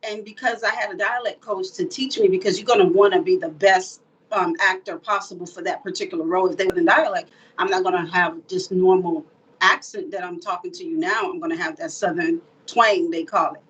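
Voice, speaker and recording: A woman from South Florida, an actress, talking through her craft in an easygoing interview with reflective, animated storytelling. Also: fairly low pitch, a little fast, husky, recorded from a distance, lo-fi sound. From born in the Bahamas, raised in South Florida. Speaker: actress guest. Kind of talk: casual interview talk.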